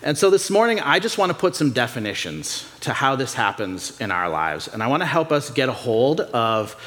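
Male pastor, casual conversational sermon, animated storyteller who checks in with the room. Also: normal speed. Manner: conversational, jokes with congregation, asks rhetorical questions; animated storytelling with pitch swings.

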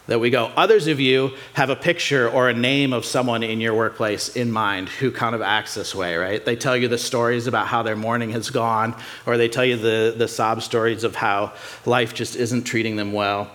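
Male pastor, casual conversational sermon, animated storyteller who checks in with the room. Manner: conversational, jokes with congregation, asks rhetorical questions; animated storytelling with pitch swings.

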